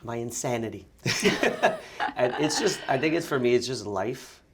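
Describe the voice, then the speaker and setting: Speaking in a mid-range, expressive voice without hurrying, a young Montreal man who acts and does sketch comedy talks through a relaxed interview. He laughs frequently and keeps starting his sentences over, with noise in the background.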